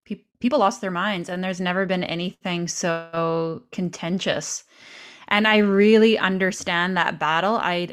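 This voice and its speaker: A woman's voice: medium pitch, a bit bright, clear, resonant tone. Woman podcast host from canada, chatty storytelling, acts out what she used to say. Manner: chatty storytelling, acts out her own past remarks. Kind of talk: casual conversational interview.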